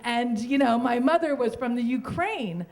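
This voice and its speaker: A woman's voice: a little high, normal speed, natural voice. A woman voicing her cranky, anxious, hard-of-hearing 87-year-old mother, who answers bluntly. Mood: chatty. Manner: blunt, short replies.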